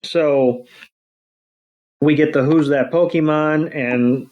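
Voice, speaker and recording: A man's voice: on the high side, steady tone, takes it slowly, lo-fi sound. A man co-hosting a podcast, chatting in a loose, rambling way with plenty of filler. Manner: laid-back, rambling, with filler words. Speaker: podcast co-host. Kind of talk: casual recap chat.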